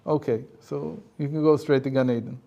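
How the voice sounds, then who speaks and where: A man's voice: a little high, steady tone, normal speed, creaky, dark tone, highs cut off. A man voicing a heavenly tribunal that judges a soul in a matter-of-fact, emphatic way. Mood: judging.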